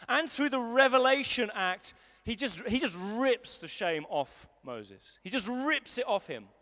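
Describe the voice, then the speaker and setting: Speaking in a large hall during a live service, a man gives a conversational sermon and drives his points home by saying them again. His voice sits high and has a fairly bright tone.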